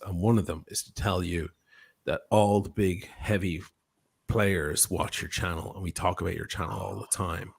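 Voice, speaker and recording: A man's voice: sits low, creaky. A man hosting a watch channel, telling a casual, profane anecdote on a live stream and acting out the quotes of the people in it.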